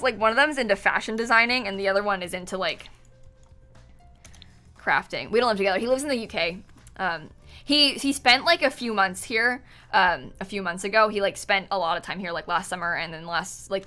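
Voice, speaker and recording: A woman's voice: mid-range voice, fairly quick, bright, forceful tone. A young woman chatting casually on a live stream while playing a game, giggling often and thanking viewers from chat. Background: faint music.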